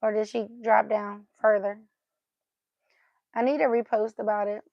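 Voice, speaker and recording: A woman's voice: medium pitch, level tone, measured pace, vocal fry, dry recording, dull audio. Woman chatting playfully on a livestream. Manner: playful baby talk with her pet, chatting to viewers. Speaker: livestream host. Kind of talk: casual livestream chat.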